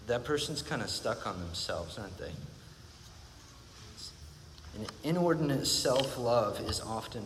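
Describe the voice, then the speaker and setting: Earnest preaching man in a reverberant space. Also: medium pitch. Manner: earnest, reflective, repeats phrases for emphasis. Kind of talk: sermon. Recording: long reverb, faint background noise.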